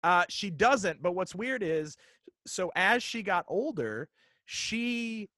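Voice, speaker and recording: Bright-voiced man telling a ghost story. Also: sits high, dry recording. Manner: animated, halting with fillers and restarts. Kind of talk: casual storytelling chat.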